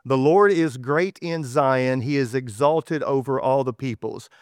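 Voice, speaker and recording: A man's voice: medium pitch, measured pace, dry recording, clean studio sound. A man with a Texas accent preaching a conversational sermon, folksy and self-correcting as he goes. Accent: Texan. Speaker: pastor.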